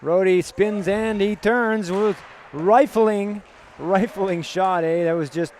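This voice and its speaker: A Canadian man doing casual joking play-by-play of a youth hockey game, chatty and quick to laugh at himself. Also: sits high, a little mellow, slight background noise. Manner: chatty, laughing, self-mocking. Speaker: amateur hockey commentator.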